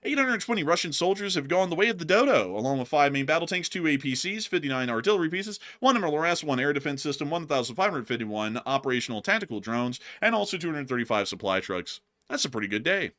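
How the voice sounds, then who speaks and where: A man's voice: a little high, bright, forceful tone. A man hosting a war news show, giving casual commentary and joking as he addresses his viewers as folks.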